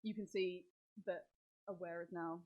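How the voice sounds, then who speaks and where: A woman's voice: fairly low pitch, fairly even intonation, normal speed, darkish tone, muffled recording. A woman running a tabletop role-playing game as dungeon master, narrating the scene and questioning players in character.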